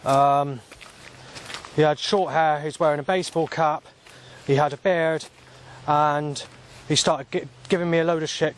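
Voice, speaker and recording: Guy rambling into his phone on a walk, kinda high voice, swears loads, gets shouty, faint traffic behind. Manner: rambling, heavy swearing, flares into angry shouting. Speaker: vlogger. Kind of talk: rambling walking vlog monologue. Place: outdoors, walking along paths. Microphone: handheld phone camera.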